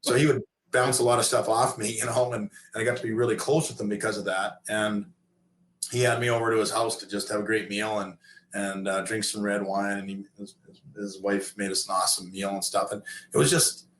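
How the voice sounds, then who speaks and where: A man's voice: on the low side, little pitch movement, brisk, a bit bright, roomy sound. A middle-aged man, a former hockey player and coach, telling stories casually as a podcast guest, full of fillers and restarts. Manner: rambling, many fillers and restarts. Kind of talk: casual storytelling in a podcast interview.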